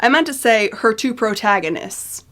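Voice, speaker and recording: A woman's voice: on the high side, expressive, moderate pace, fairly bright tone, faint music behind. A young woman chatting casually about books at home, rambling, swearing, and reading out blurbs. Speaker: book vlogger.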